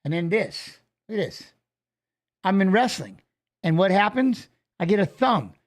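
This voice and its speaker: A man's voice: high-pitched, very animated, unhurried. A middle-aged man hosting a casual livestream, rambling and joking, with plenty of profanity. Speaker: show host.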